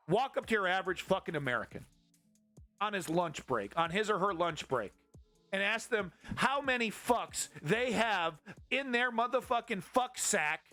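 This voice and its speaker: A man's voice: high-pitched, bright, forceful tone. A man hosting a live-streamed political commentary show, ranting in a profane and sarcastic way. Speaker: host.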